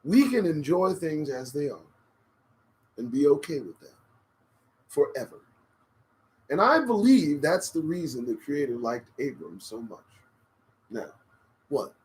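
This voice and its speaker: Brief: male live-stream host, somewhat high voice, swings his pitch widely, swears and preaches, rambles with emphasis, desk condenser mic. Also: sing-song, unhurried, pauses often, a little mellow, poor audio. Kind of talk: casual live-stream monologue. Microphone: desk condenser microphone.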